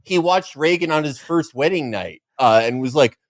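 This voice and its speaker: A man with a lively, swooping voice jokes crudely on a comedy podcast, often breaking into laughter. His voice sits a little high, and the recording is dry and close. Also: normal speed, no room sound. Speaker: podcast co-host. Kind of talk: casual comedic chat.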